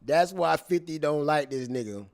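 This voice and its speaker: A man giving casual, profane commentary, animated and laughing, repeating phrases as he reacts. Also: on the high side, moderate pace, creaky. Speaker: commentator reacting to court testimony.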